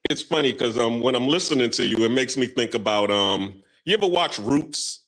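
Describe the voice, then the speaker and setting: A man's voice: mid-range voice, lively intonation, moderate pace, fairly bright tone, rough recording. A man hosting a casual talk show, rambling through long stories with lots of ums and restarts. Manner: rambling storytelling with many fillers. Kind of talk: casual discussion.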